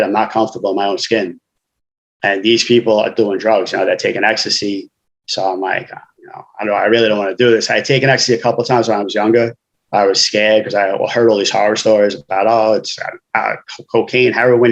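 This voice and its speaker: A man's voice: fairly low pitch, highs cut off. A man, a guest author telling his life story frankly in casual conversation, often saying "you know".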